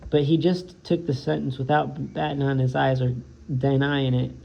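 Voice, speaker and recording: A man voicing a scared, gentle teenage boy from a gang in a read-aloud novel, with a plain delivery and small slips. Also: medium pitch, level tone, normal speed, vocal fry, natural voice. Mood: admiring. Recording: dull lo-fi sound with faint background noise.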